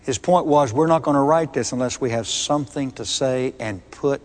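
A man's voice: mid-range voice, moderate pace, in a large hall. A man preaching a sermon, emphatic and repeating key words with rising force.

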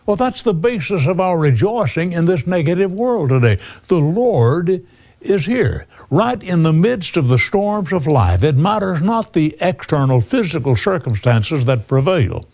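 Animated preacher man with a dark voice. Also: on the high side, measured pace, gravelly. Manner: emphatic, addresses listeners as friend. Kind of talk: radio sermon.

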